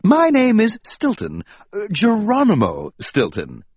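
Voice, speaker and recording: A man voicing a fussy, frazzled male mouse traveler who squeaks and bursts into shouted complaints. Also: wildly swooping pitch, a little slow, slightly rough, no echo, clean studio sound, exaggerated voice. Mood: flustered. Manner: squeaky, exploding into shouted outbursts. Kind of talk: storybook reading.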